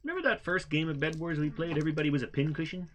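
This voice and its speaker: A man's voice: on the high side, expressive, racing, fairly bright tone, a little hiss or hum. A man co-hosting a casual gameplay commentary with his daughter, goofy and joking, humming little tunes between remarks. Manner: goofy and playful, hums and jokes. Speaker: father co-hosting a gameplay channel.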